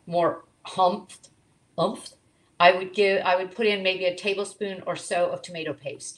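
A woman's voice: on the low side, roomy sound, rough recording. A woman teaching a live online cooking class from her home kitchen, chatting and making asides as she cooks.

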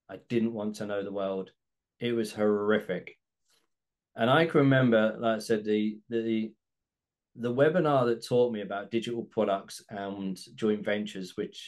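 Man, podcast host, low voice, candid personal storytelling. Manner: candid and reflective, acts out phone calls.

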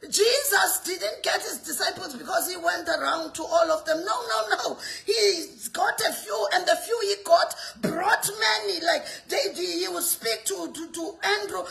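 A middle-aged South African woman delivering a fiery sermon, her voice pitched very high with a gravelly edge. She exhorts her listeners through pointed rhetorical questions, and her tone stays bright and forceful. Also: lively intonation, normal speed, few pauses. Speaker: prophet and preacher.

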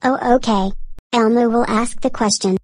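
A man voicing a cheerful small red furry monster child in a high squeaky falsetto on a children's puppet show. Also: fairly even intonation, moderate pace, no room sound. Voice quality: high squeaky falsetto, speaks of himself by name.

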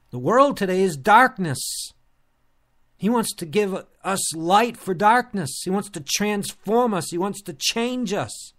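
Earnest preaching man, fairly high voice. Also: a bit bright. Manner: earnest, repetitive preaching with restarts. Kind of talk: sermon.

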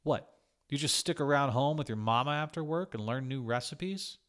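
A man's voice: medium pitch, animated, moderate pace, close to an everyday voice. A man voicing a brusque, troublesome young male chef who speaks in a curt, needling way.

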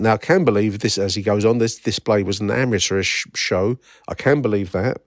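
A man's voice: lowish voice, no echo, studio quality. A middle-aged man from England hosting a solo podcast, talking in a wry, rambling way full of fillers and restarts. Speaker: podcast host. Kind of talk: casual solo podcast commentary.

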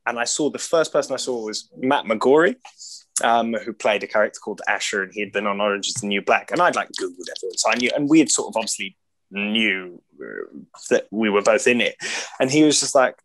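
A man's voice: lowish voice, brisk, a bit bright. A man in his thirties with an English accent, a guest talking in a casual, self-deprecating way and laughing often. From England. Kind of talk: casual chat.

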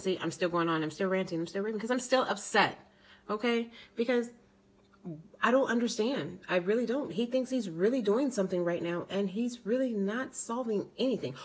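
A woman's voice: mid-range voice, fairly quick, poor audio. A young woman vlogger delivering an indignant, sarcastic political rant to her camera. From United States.

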